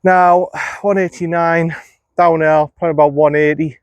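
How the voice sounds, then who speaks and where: A man's voice: a little high, little pitch movement, moderate pace, no room sound, highs cut off. Self-critical man commentating his golf. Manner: self-critical, talks to himself. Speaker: golf vlogger. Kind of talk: running commentary while playing golf. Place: outdoors on an empty golf course. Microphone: phone camera.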